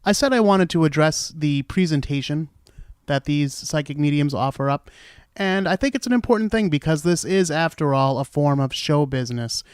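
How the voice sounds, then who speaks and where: A man's voice: on the high side, moderate pace, darkish tone, clear, resonant tone, no echo, clean studio sound. A man hosting a podcast, giving blunt, sarcastic commentary. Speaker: podcast host.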